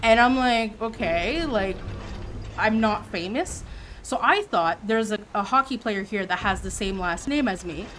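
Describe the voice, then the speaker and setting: Animated storytelling woman streamer. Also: mid-range voice, a little slow, a little hiss or hum. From Quebec. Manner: animated, acts out quoted voices. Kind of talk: casual storytelling to chat.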